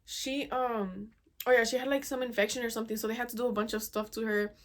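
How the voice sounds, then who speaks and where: A young woman hosting a casual storytime chat, animated and exasperated, full of "dude" and "oh my God.". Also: on the high side, quick pace. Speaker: podcast host.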